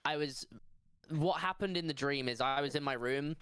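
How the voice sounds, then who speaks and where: A man telling a lively childhood story in a casual chat. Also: a little high, normal speed, slight background noise.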